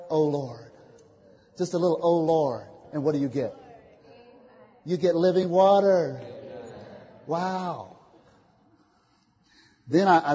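A man preaching a sermon, calling out questions for the congregation to answer and swinging from quiet asides to loud declarations. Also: on the high side. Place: church meeting hall. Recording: muffled, echoey hall recording.

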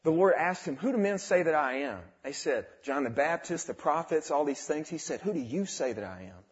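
A young man giving a fervent testimony in a sermon, dropping quiet and then rising to exclamations. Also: fairly high pitch, animated, brisk. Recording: dull lo-fi recording.

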